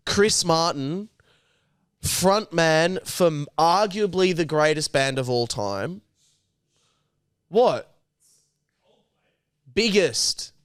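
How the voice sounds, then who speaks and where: A man's voice: fairly high pitch, animated, extremely slow, long pauses, clear, resonant tone, no room sound, studio quality. A young Australian man in casual podcast banter, blunt, crude and swearing a lot. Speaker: co-host.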